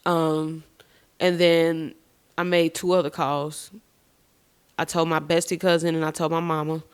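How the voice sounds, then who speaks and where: With a deep, smooth voice and a slightly slow pace, a podcast host candidly tells her own story, frank and expressive. She speaks right to her listeners, calling them y'all and swearing casually, recorded on a podcast microphone.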